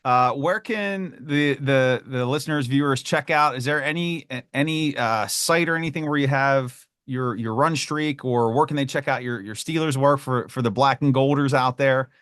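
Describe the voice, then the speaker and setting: Earnest male podcast host, clear dry sound. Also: mid-range voice, moderate pace, hardly any pauses, fairly bright tone, no room sound. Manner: earnest, grateful, repeats words. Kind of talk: interview hosting.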